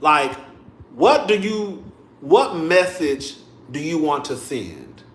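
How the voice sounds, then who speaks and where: A young man giving sassy, animated commentary straight to his viewers in a casual vlog, full of cussing. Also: on the high side, slow pace, reverberant, a little hiss or hum. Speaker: vlogger. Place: home room.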